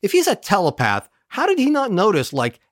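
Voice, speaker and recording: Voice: mid-range voice, wildly swooping pitch, brisk, no echo, clean studio sound. A podcast host giving a casual, sarcastic recap of an episode, swearing freely and mimicking characters along the way.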